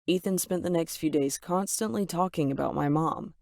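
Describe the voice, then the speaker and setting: A woman's voice: sits low, normal speed, vocal fry, a little mellow, no echo, studio quality. A woman telling a first-person story in a dramatic, emphatic way. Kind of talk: scripted first-person narration.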